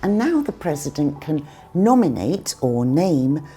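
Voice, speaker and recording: A woman hosting an English lesson, clearly explaining words and their meanings in a teacherly way. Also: low-pitched, sing-song, unhurried, mellow. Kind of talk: scripted lesson dialogue.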